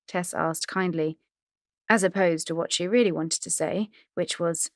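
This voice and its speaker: A woman's voice: lowish voice, normal speed, no room sound, clean studio sound. A woman reading a novel aloud in wry, conversational narration. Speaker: audiobook narrator. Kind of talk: scripted narration.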